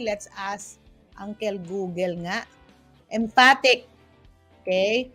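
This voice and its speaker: A woman's voice: a little high, moderate pace, fairly bright tone, soft background music. Chatty Filipino woman hosting a show. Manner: chatty, switching between English and Tagalog; restarts often and teases herself with playful asides. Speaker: talk show host. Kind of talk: casual talk show monologue.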